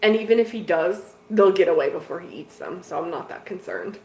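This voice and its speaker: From a tank-filled room at home, a woman livestreams about fish-keeping, chatting and rambling with her viewers and saying "like" and "dude" constantly. She speaks on the low side and fairly quickly, in an echoey room with faint noise.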